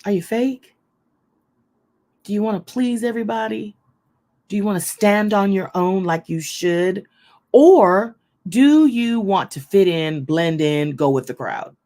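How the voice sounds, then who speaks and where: A middle-aged woman hosting a casual faith talk, loud, fast and forthright in how she speaks. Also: mid-range voice, lively intonation. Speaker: host.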